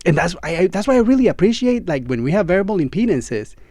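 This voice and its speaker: A slightly high-voiced man chats eagerly about his gear, checking in with the listener as his friend. He is recorded close on studio mics in a dead, dry home studio. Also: lively intonation, fast talker, darkish tone, dry recording. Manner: enthusiastic, chatty, addresses viewer as friend. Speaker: gear reviewer. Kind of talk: casual demo talk to camera. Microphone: studio microphones, swapped during test.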